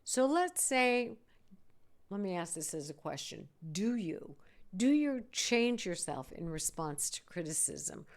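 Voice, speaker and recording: A woman's voice: medium pitch, unhurried. A middle-aged woman hosting a podcast, talking casually and acting out worried inner voices. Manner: animated, acts out inner voices. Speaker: podcast host, psychologist.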